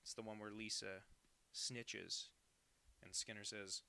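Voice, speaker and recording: This young man's voice sits lowish and barely moves in pitch; he talks slowly with long pauses, sounding creaky, bright, and forceful. He's a cartoonist streaming live as he draws, joking and reading chat aloud on a home setup with no professional mic.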